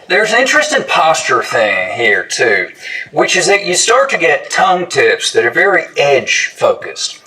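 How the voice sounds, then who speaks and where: Bright-voiced man explaining accents. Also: medium pitch, very animated, moderate pace, rough recording. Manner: explanatory, models sounds and words aloud. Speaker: accent expert. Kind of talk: scripted educational narration.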